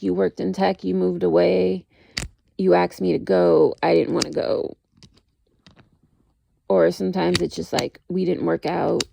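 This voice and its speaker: A woman's voice: mid-range voice, gravelly, dark tone, a little hiss or hum. A woman talking in a casual, rambling vlog monologue, full of "like" and restarts as she tells dating stories. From United States. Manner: rambling, heavy use of "like", frequent restarts. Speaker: vlogger.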